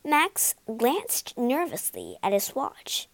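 Lively woman reading a ghost story. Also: on the high side, slow pace, creaky, no echo. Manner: lively, expressive reading, whispering some lines. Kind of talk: children's story reading with character voices.

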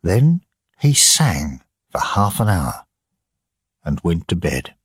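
A man narrating an audiobook for learners in a slow, measured reading. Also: low-pitched, big pitch swings, slightly rough, no echo, clean studio sound.

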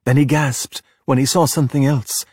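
A middle-aged man reading a children's storybook aloud in a steady, plain way. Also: medium pitch, normal speed, husky, no echo, clean studio sound. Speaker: narrator.

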